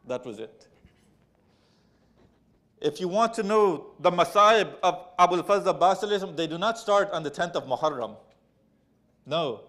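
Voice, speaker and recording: A man giving a Muharram sermon. He speaks to the audience as brothers and sisters and retells a sacred story, acting out its quoted lines. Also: a little high. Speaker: majlis speaker.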